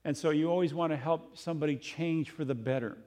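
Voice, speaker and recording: A man preaching a sermon in a conversational, animated way, with sudden jumps in loudness and pitch. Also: a little fast. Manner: conversational, animated, acts out quotes in other voices.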